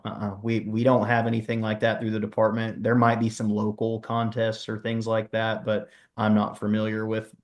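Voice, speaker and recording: Flat-voiced, low folksy man. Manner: relaxed, folksy, reads out viewer questions. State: has the hiccups. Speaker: wildlife department presenter. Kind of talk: casual live Q&A.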